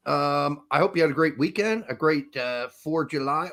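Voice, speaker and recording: A man's voice: a little high, moderate pace, fairly bright tone. A young man hosting a podcast, rambling energetically and joking with frequent laughs. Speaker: podcast host. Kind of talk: casual chat.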